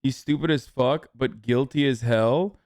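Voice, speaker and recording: A man's voice: mid-range voice, unhurried, a little mellow, no room sound, clean studio sound. A young man hosting a livestream, ranting in a casual, profane and argumentative way. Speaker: livestream host.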